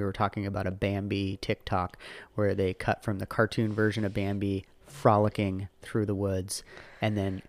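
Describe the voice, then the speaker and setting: A middle-aged man hosting a casual podcast as a father, talking in an animated, rambling way full of fillers and restarts. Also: on the low side, moderate pace.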